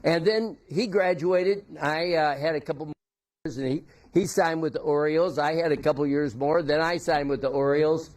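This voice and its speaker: An older man giving a memorial tribute, telling folksy, halting anecdotes about a former teammate. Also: fairly high pitch, fairly even intonation.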